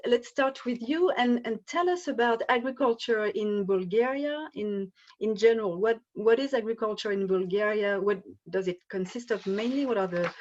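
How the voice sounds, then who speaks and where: A woman's voice: mid-range voice, slight background noise. A woman moderating a panel discussion, speaking hesitantly with many fillers and restarts. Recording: dull lo-fi online call audio.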